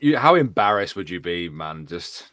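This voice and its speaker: A man co-hosting a casual talk show, reacting with relaxed short asides. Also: deep voice, moderate pace, dry recording, clean studio sound. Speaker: co-host. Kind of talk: casual chat.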